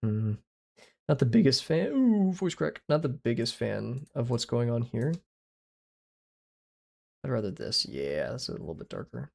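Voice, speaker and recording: Male art streamer, casual rambling chatter, gravelly fry in the voice, middle pitch. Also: animated, measured pace, pauses often, darkish tone. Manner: chatty, rambling, self-deprecating. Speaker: livestreaming artist. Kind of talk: casual livestream chat while drawing.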